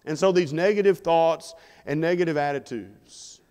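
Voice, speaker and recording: A man's voice: a little high, normal speed, a little mellow. Man preaching in a reverberant church. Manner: conversational, asks the audience rhetorical questions. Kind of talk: sermon. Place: church sanctuary.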